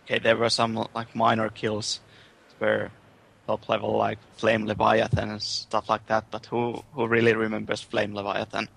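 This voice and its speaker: A young man, a guest recounting things in a relaxed, matter-of-fact way. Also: lowish voice, moderate pace, vocal fry. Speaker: guest, guild raider.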